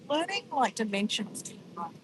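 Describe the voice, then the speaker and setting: A woman's voice: a little high, big pitch swings, a little slow, noisy background. Chatty woman vlogging outdoors. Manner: chatty, addresses viewers as guys, thinks aloud. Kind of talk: casual vlog chat while painting. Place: outdoors on a windy day.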